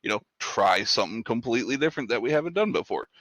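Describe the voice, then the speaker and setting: A man on a talk show, speaking in a relaxed, matter-of-fact way. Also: medium pitch, fast, no room sound. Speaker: co-host. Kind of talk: casual chat.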